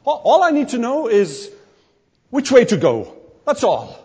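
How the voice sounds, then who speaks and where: A preacher putting on a confident, breezy churchgoer who is sure he needs only one small step. The voice sits high, lively and a little husky, and a long hall reverb trails every phrase. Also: unhurried, full character voice. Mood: breezy, self-assured. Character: self-assured religious man, sure salvation is easy.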